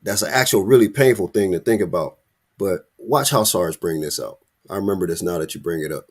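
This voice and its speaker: A man hosting a casual podcast, commenting on a video with excitement, laughing often and calling out "hey" and "look". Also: low-pitched, fairly quick, slightly rough. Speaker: podcast host.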